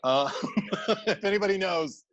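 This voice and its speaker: A man's voice: sits high, lively intonation, slow, a bit bright, dry recording, lo-fi sound. A man co-hosting a casual movie podcast, easily amused and rambling with many laughs. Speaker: podcast co-host.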